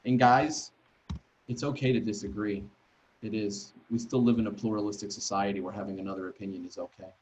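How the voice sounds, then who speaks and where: A man training teachers in an online workshop, talking in a conversational, emphatic way and tagging sentences with quick questions to the group. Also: fairly low pitch, fairly even intonation, darkish tone, slight background noise, rough recording. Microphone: video call.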